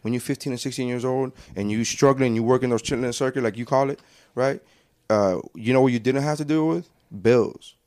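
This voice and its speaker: Guy on a podcast, mid-pitched, emphatic, swears a lot, makes his point hard. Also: fairly quick, a little mellow. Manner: emphatic, profane, explains with examples. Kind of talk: casual podcast chat.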